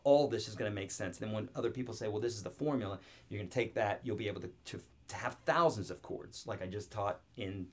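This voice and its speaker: A man teaching guitar chords in an online video lesson, upbeat and joking as he talks straight to the viewer. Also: on the low side.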